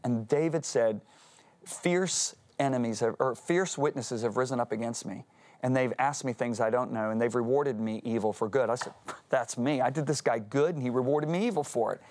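A man's voice: medium pitch, moderate pace, a little mellow. A man, a Christian author and guest speaker, telling a story earnestly on a talk show, acting out quotes with animation.

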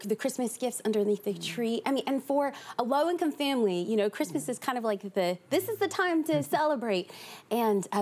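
Woman, young adult, from east los angeles, lively fast talk, talk show guest. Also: medium pitch. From East Los Angeles, USA. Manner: animated, fast and talkative.

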